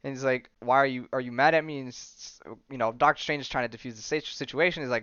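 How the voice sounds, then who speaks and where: A man's voice: medium pitch, steady tone, quick pace, a bit bright, clear, resonant tone, no echo, muffled recording. A man hosting a podcast, casually retelling a comic storyline, quoting the characters and laughing often. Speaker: podcast host.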